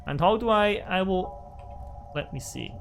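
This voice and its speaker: A man's voice: high voice, unhurried, creaky, soft background music. A man hosting a let's play, commenting on his survival game and swearing at it in frustration. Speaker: gaming channel host. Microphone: desk microphone.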